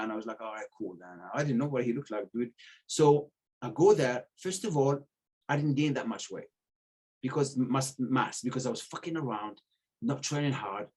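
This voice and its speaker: A middle-aged man with a somewhat husky voice, at an average pitch for a man. He chats casually and tells animated stories, dropping into the voices of the people he quotes. He swears freely as he talks. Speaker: podcast guest telling stories. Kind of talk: casual storytelling chat.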